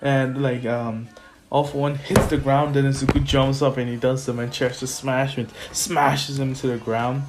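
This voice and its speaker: A young man casually retelling a fan story, rambling and halting with fillers. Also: medium pitch, flat delivery, noisy background. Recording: soft lofi music under.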